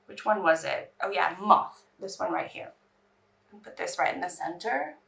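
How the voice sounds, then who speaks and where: A woman's voice: on the low side, moderate pace, vocal fry, fairly bright tone, far from the mic. A woman beauty vlogger in casual get-ready-with-me chat, rambling and anxious as she talks.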